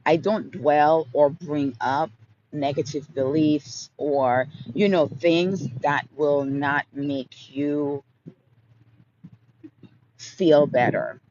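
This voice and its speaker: A man hosting a live question-and-answer stream, speaking in a slow, soothing, affirming way. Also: fairly high pitch, steady tone, darkish tone. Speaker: livestream host. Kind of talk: motivational live Q&A. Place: outdoors. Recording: dull lo-fi sound, street noise.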